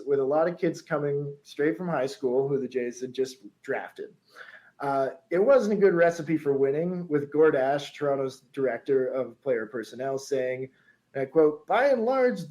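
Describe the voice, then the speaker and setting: A man's voice: medium pitch, a little mellow, rough recording. A man co-hosting a podcast, telling a story in a chatty way, laughing often and reading quotes aloud.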